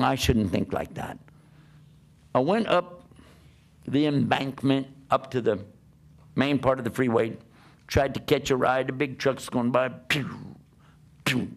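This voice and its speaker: An older man preaching, telling a personal story in an animated way and often laughing as he talks. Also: medium pitch, vocal fry. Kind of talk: storytelling talk.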